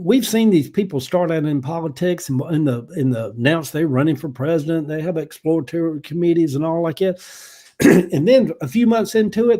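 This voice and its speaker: An older man with a Southern US accent hosting a casual livestream, rambling folksy talk and often clearing his throat as he reads viewer comments. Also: a little high, warm tone. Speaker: livestream host.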